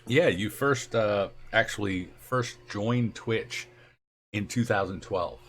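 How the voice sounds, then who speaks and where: A man's voice: lowish voice, takes it slowly, fairly bright tone. A man hosting a live stream, asking his guest questions in an easygoing way and laughing often. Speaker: stream host. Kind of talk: casual interview on a live stream. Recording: faint background noise.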